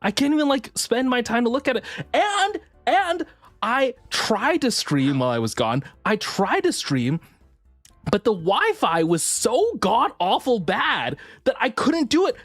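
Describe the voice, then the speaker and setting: A woman chatting casually with viewers on a livestream, swinging between squealing excitement and low mumbles, swearing now and then. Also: measured pace, no echo.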